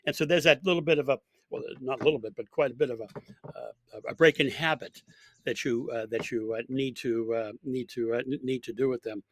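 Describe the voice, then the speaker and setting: A college golf coach with a mid-range voice tells a story in an interview, talking briskly with lots of fillers and restarts. The audio has no echo.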